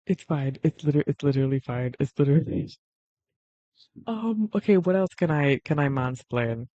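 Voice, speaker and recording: A young woman streaming while she draws, chatting casually and rambling excitedly and emotionally. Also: low-pitched, normal speed, no room sound, muffled recording. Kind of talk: casual livestream chat while drawing.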